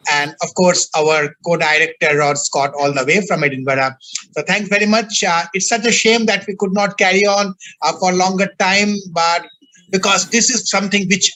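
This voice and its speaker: Bright-voiced man closing an online conference. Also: on the high side, poor audio. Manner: halting, many fillers and restarts. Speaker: conference convener. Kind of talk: closing remarks on a video call. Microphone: video call.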